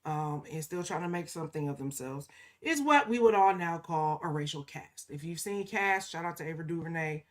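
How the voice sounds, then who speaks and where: A woman's voice: sits low, animated, moderate pace. A woman co-hosting a podcast in casual, emphatic conversation, often punctuating her points with "okay?" and slipping into mocking quoted asides. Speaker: podcast co-host.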